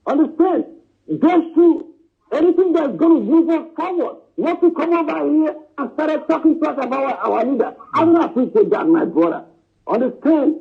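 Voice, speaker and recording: Phoning in to a live stream, a man from southeastern Nigeria insistently presses his opinion in a very high, creaky voice. He often says "you know" and "understand?" and addresses the host as "my brother," all over a tinny phone line.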